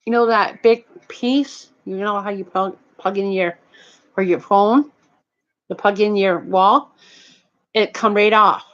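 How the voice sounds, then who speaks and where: An older woman rambles through a casual monologue in a mid-range voice, halting and swearing freely. The recording sounds dull and lo-fi, as if made at home. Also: mid-range voice, fairly even intonation, fairly bright tone.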